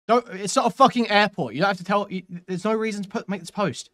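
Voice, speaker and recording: A man's voice: high-pitched, fast talker, hardly any pauses, a bit bright. A man commenting on clips during a stream, sarcastic and mocking, swearing often.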